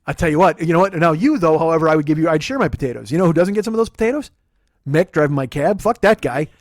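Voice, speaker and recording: Man, podcast host, quick rambling comic chat, profane, slightly high voice. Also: expressive, no echo, clean studio sound. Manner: profane, rambling, jokey storytelling. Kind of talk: casual comedic chat.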